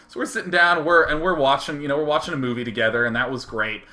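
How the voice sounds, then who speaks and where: A man telling funny stories as a show host, animated, laughing often and slipping into silly voices. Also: a little high, quick pace. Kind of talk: casual comedic storytelling.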